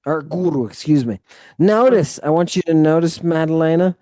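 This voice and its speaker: A man's voice: fairly high pitch, normal speed, warm tone, dry recording, studio quality. A man tutoring a student one-on-one through Greek vocabulary, explaining grammar at length and encouraging her. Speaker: Greek teacher. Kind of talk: live tutoring session.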